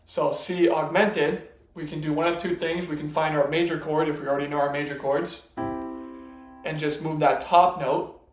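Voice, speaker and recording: A man teaching a casual piano lesson, patient, explaining step by step and counting notes out loud. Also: a little high. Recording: echoey room with piano playing. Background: piano notes between lines.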